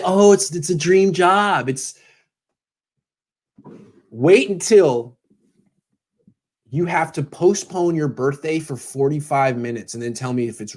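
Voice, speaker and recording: A man in his thirties, a sports blogger hosting a casual pregame show, telling stories with sarcastic asides and mock voices. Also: on the high side. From California.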